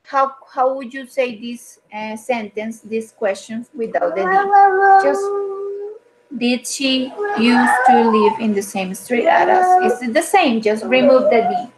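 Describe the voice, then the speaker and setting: Woman English teacher on a video call, higher voice, unhurried, patient explainer. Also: animated, very noisy. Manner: patient, explanatory, with frequent fillers. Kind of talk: online grammar lesson.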